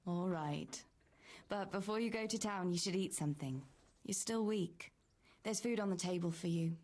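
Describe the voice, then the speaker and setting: An actress voicing a young village woman in a video game, caring and practical, with a gentle, often hushed way of speaking. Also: on the low side, moderate pace, close to an everyday voice. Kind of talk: game voice acting.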